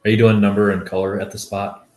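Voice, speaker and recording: Deep, flat-voiced man, hesitant, roomy sound. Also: fast. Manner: hesitant, restarts his sentences. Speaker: new basketball official asking questions. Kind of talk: question in a training session.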